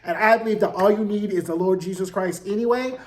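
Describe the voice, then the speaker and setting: A man's voice: high voice, fast, darkish tone. A man in his forties giving a casual recap of a TV episode, sassy and profane, peppered with "like" and "right?". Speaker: TV recap host. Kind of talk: casual review commentary.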